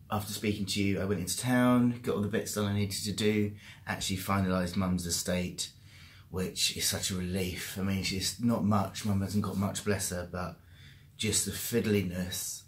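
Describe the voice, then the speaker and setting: A British man in his thirties keeps a casual video diary on a handheld camera. His voice sits a little low, and he chats warmly and laughs easily, often talking himself through the day. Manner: chatty, self-talking, quick to laugh. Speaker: vlogger.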